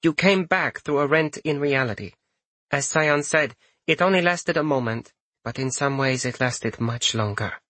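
A man's voice: mid-range voice, normal speed, a bit bright, no room sound, voice pushed up, lightly acted. Man doing a coolly detached noblewoman. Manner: detached, composed. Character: noblewoman, calm, professionally detached.

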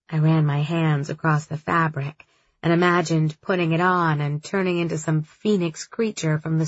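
A woman giving first-person audiobook narration in a measured, steady way. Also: low voice, breathy edge, no room sound, highs cut off.

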